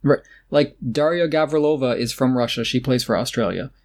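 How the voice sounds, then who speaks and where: A man's voice: medium pitch, brisk, darkish tone. A man co-hosting a podcast in casual chat, opinionated and sarcastic, often laughing as he talks. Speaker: podcast co-host. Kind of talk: casual chat about tennis.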